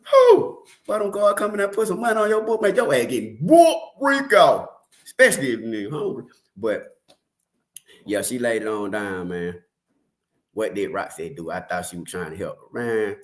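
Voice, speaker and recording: A man with a Detroit accent giving casual, slangy commentary on a true crime case, with laughing asides. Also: medium pitch.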